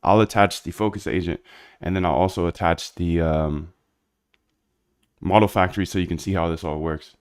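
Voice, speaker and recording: Low-voiced dude live coding, slangy, kinda rambling at his chat. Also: fairly even intonation, moderate pace, a little mellow, clear, resonant tone. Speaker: livestreaming programmer.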